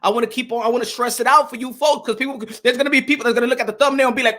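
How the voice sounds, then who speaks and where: A man hosting a boxing vlog with a high, bright, ringing voice. He delivers loud, energetic commentary, shouts out viewers and drops in Spanish phrases. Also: very fast, few pauses. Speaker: boxing channel host.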